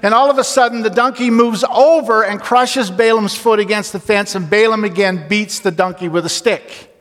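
A man preaching a sermon, telling a story casually and then slowing down and dropping low to stress his point. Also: a bit bright. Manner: storytelling, slows and drops low for emphasis. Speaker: pastor. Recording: long reverb of a large hall.

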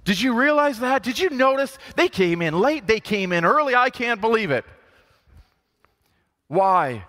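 A male pastor delivers an animated sermon in a church sanctuary, slipping into grumbling voices to act out what he describes. His voice sits high and sounds bright and forward. The sound has a long, lingering hall reverb. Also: measured pace. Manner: animated preaching, acts out grumbling quotes.

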